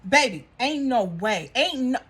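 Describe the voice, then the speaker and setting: Houston woman, young, casual recap vlogger, lively swooping delivery, keeps repeating herself. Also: fairly high pitch, measured pace, slightly rough. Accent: Houston, Texas. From Houston, Texas. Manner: emphatic and repetitive, Southern slang. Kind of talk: casual reaction commentary.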